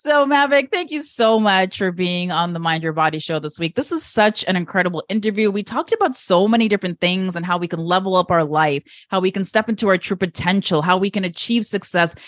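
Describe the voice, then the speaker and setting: A woman hosting an interview podcast, talking in an upbeat, animated way. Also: mid-range voice, a little fast, few pauses, dry recording, studio quality. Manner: lively, upbeat, animated storytelling. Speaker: podcast host.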